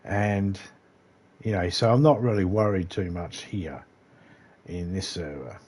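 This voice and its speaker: A man's voice: low-pitched, unhurried, pauses often, a little mellow, breathy edge. A man with an Australian accent chatting casually as he livestreams a game, rambling and laid-back, swearing now and then. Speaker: gaming livestreamer. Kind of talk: casual gameplay commentary.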